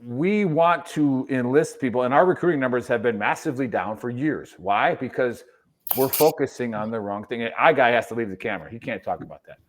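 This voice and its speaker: Man, mid-pitched voice, casual veteran podcast co-host, forceful storyteller, keeps checking in with "right?". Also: fairly quick, a little hiss or hum. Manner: emphatic, rhetorical "right?" tags.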